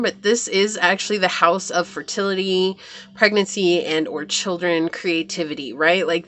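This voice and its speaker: A woman's voice: mid-range voice, fairly bright tone. A woman giving a pick-a-card tarot reading to her viewers in a chatty, upbeat way. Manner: chatty, upbeat, addresses viewers as you guys. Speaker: tarot reader.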